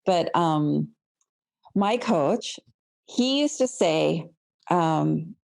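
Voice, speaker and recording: A woman's voice: low-pitched, animated, very slow, creaky, long pauses, darkish tone. Forthright woman guest speaking boldly. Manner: bold, forthright. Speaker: accountant and business guest. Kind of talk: casual interview chat.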